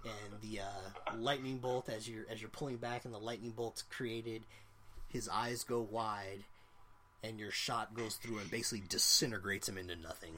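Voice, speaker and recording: A man narrating as game master of a tabletop game, relaxed, with many fillers. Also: on the low side, normal speed, a little hiss or hum.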